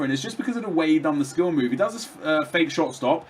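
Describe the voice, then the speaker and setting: A man's voice: on the high side, expressive, quick pace, a little hiss or hum. A young man rambling through casual commentary over his own gameplay, chatty, with lots of fillers and restarts. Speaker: gaming commentator.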